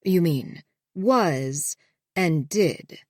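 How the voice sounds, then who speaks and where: A woman doing a probing, gentle mother. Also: fairly low pitch, lively intonation, no room sound, studio quality. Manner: slow, pointed questioning.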